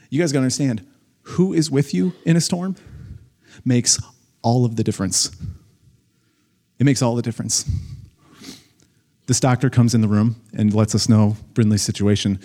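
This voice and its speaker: A young adult man, a pastor, giving a conversational, animated sermon to a congregation. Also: medium pitch, moderate pace, pauses often.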